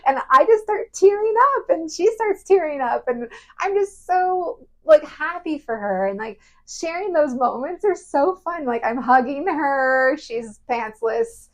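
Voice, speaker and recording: Brief: lively woman podcast host, slightly high voice, bubbly and expressive storyteller. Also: a little slow, few pauses. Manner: bubbly, animated storyteller who laughs often. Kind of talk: casual chat. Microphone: podcast mic.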